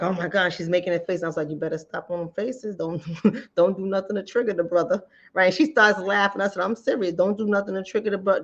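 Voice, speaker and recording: A woman hosting a channel, telling a personal story in animated, direct talk to ladies and fellas. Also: mid-range voice. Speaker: relationship coach and channel host. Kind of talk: casual talk-to-camera commentary. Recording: dull lo-fi sound.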